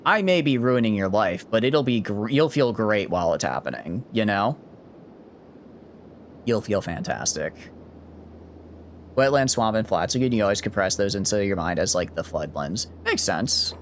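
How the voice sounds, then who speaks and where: A man's voice: lowish voice, animated, normal speed, slight background noise. Rambling man with a mild Southern accent. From Southern United States. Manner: rambling, self-correcting, chatty. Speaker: game streamer. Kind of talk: casual gameplay commentary.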